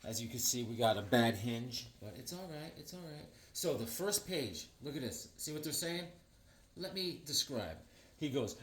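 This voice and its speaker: A man's voice: mid-range voice, very animated, normal speed, pauses often. A tired middle-aged man chatting casually and rambling with jokes as he shows off old comic books. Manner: rambling, joking, reads comic lines aloud. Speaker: comic book collector vlogger. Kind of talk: casual show-and-tell chat.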